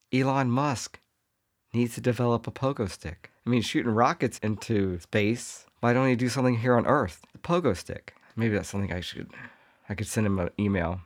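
Male comedian, solo podcast monologue, loose and jokey, does quick throwaway voices. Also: mid-range voice. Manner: riffing, jokey, puts on quick voices for imagined people.

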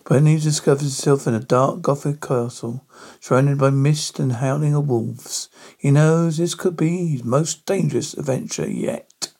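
A man reading a spooky story aloud in a halting manner, stumbling over words. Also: a little high, gravelly, darkish tone. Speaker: narrator.

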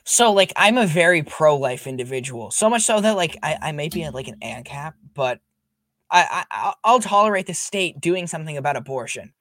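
A man's voice: fairly high pitch, lively intonation, a little fast, fairly bright tone, no echo. A young man as a podcast guest, talking earnestly in casual chat and filling his sentences with "like". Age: young adult. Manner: earnest, filler-heavy, lots of "like".

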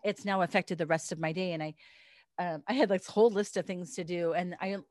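Soft-spoken woman from Oregon, dry sound. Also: fairly low pitch, fairly even intonation, fairly quick, dry recording. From Oregon, USA. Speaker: podcast co-host. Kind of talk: casual chat.

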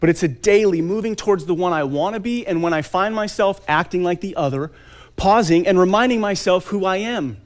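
A man in his thirties, his voice sitting high, earnestly motivates a conference audience. His talk is marked by dramatic pauses and forceful lists.

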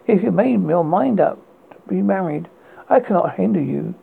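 A man with a British accent voicing a dying old nobleman who speaks slowly, emphatically and menacingly. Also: high voice, expressive, vocal fry, breathy edge, heavily acted. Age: older. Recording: tinny phone-like audio.

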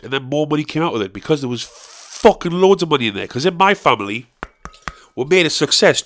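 Man, 30s, podcast host; loose profane rant, big pitch swings. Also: fairly bright tone. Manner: rambling, profane ranting with sudden outraged peaks. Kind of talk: casual chat.

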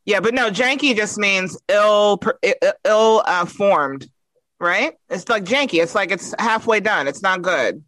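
A man co-hosting a podcast in casual comedic chat, animated and joking, laughing often. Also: sits high, measured pace, dry recording. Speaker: podcast co-host.

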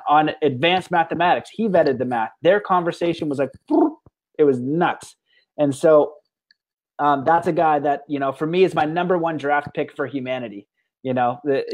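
A man hosting a podcast, telling a rambling story in casual conversation with many restarts, now and then laughing. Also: a little high. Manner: rambling, with frequent restarts and fillers; animated, with bursts of laughter. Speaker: podcast host.

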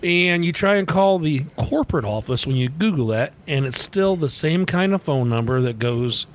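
A man's voice: a little high, expressive, normal speed, a little hiss or hum. A man from the United States co-hosting a podcast, telling stories in a blunt, profane, casual way. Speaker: podcast co-host. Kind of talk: casual chat.

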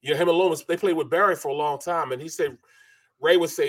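Middle-aged male sports host, slightly high voice, loose and rambling delivery. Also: quick pace. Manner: rambling, loose delivery full of "you know" and restarts. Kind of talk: casual sports talk.

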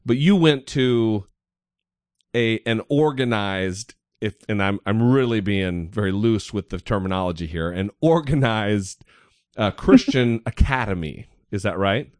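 A man's voice: fairly low pitch, lively intonation, normal speed, few pauses, darkish tone, dry recording. Podcast host guy, swears a lot, jokey and loose, dry close mic. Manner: profane, joking, loose. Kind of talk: casual podcast chat.

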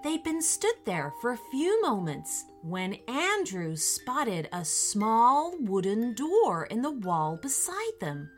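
A woman narrating a children's story with an expressive, animated reading. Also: a little high, slow pace, hardly any pauses, soft background music.

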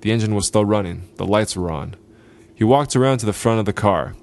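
A man reads a gritty short story aloud, taking his time over each line. His voice is fairly low and steady, with a deliberate, unhurried delivery. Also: creaky. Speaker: podcast host.

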